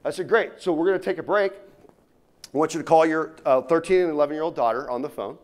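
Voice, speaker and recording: A man giving a motivational keynote to a live audience, telling stories and swinging between loud punches and quiet asides. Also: on the high side, fast. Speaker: keynote speaker. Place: conference room before a live audience.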